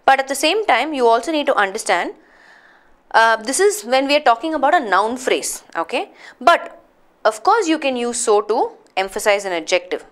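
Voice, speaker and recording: A woman's voice: a little high, sing-song, moderate pace, fairly bright tone. A woman teaching a live grammar class, explaining patiently and checking that students follow.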